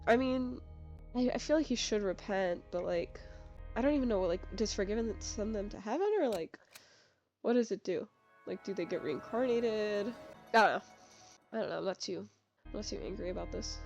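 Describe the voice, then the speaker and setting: A woman's voice: mid-range voice, lively intonation, normal speed, darkish tone, muffled recording. A young woman giving casual, rambling game commentary, full of fillers, with game music behind. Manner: chatty, filler-heavy, rambling. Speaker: gaming youtuber.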